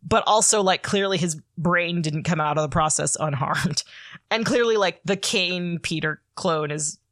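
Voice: medium pitch, moderate pace, a bit bright, no room sound, clean studio sound. A podcast co-host casually recapping a comic story, rambling with lots of filler words and the odd swear.

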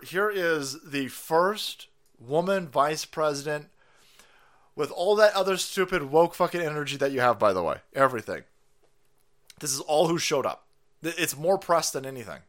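A man hosts a livestream and rants about politics in foul, mocking language. His voice sits fairly high for a man, and he laughs between his jabs. He swings between drawn-out sneers and quick outbursts. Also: a bit bright. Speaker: streamer host. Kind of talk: profane political rant.

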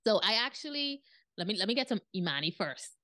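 A woman hosting a casual faith podcast, talking in a lively, emphatic way with preacherly turns of phrase. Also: medium pitch, fast, no room sound. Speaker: podcast host.

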